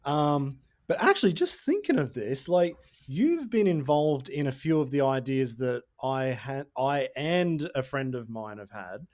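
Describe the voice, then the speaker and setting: A man's voice: mid-range voice, expressive, unhurried, few pauses. A man hosting a podcast, speaking in a casual, reflective ramble with hesitant fillers. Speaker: podcast host.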